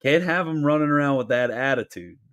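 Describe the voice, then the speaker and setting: A man's voice: medium pitch, a little fast, a bit bright, pitched above the performer's own voice, natural voice. A man voicing a menacing mob-style tough guy with a mock-threatening wiseguy swagger. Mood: mock menace.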